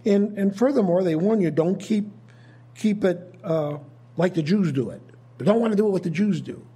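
A man preaching a sermon in a measured, thoughtful teaching manner, often restarting his sentences. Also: high voice, mellow, breathy edge.

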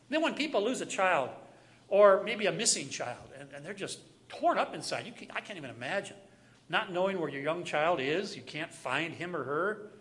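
Lively, bright-voiced man preaching. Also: on the high side, normal speed. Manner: emphatic, repeats key phrases, swings between loud and quiet. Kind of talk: sermon.

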